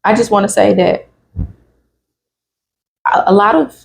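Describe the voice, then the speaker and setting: A woman's voice: medium pitch, measured pace, creaky. A woman guest in a casual spiritual talk, earnest and repeating her point that you should be what you want to attract.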